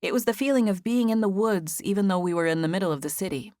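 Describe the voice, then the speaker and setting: A woman narrating a contemporary first-person novel as an audiobook, with a gentle storytelling manner. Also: medium pitch, quick pace, dry recording, clean studio sound.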